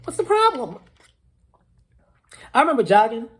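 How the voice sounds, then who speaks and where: A man's voice: very high voice, sing-song, normal speed, a bit bright. A man delivering an indignant casual monologue, repeating words as he builds his point. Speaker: commentator.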